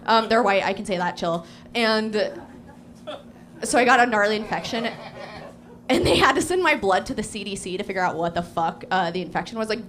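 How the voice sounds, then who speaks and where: A woman's voice: medium pitch, animated, brisk, a bit bright. A young woman doing a crude, self-mocking stand-up set on a small cafe stage, with lots of fillers. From Portland, Oregon. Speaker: stand-up comedian.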